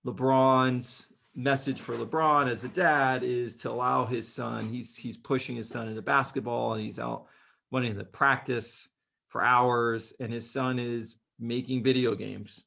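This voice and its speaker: A man with a gravelly, fry-tinged voice, talking loosely as a podcast co-host. He banters and jokes in an easygoing way. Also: mid-range voice, steady tone, measured pace, bright, forceful tone. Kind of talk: casual podcast chat.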